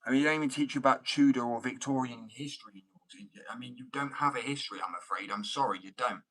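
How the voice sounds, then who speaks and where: A man's voice: medium pitch, fast talker, a bit bright, poor audio. A man from Germany, a skateboard artist, ranting back at viewer comments in a combative, mocking and blunt way.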